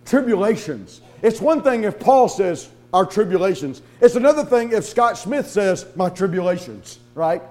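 His voice sitting high, a pastor moves at a moderate clip with few pauses, bringing his sermon's stories to life by acting out the speakers in them.

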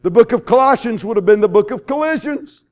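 A man preaching a sermon, telling stories and swinging from loud to hushed. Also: very high voice, expressive, a little fast.

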